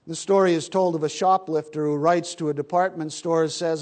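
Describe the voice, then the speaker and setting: A man preaching a sermon, swinging between hushed lines and loud, emphatic bursts. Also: on the high side, steady tone, fairly quick, few pauses.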